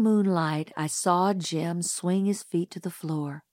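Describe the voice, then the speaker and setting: A woman reading a novel aloud in first person, measured and unhurried. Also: lowish voice, steady tone, darkish tone, dry recording, studio quality. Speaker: audiobook narrator. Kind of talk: scripted first-person narration.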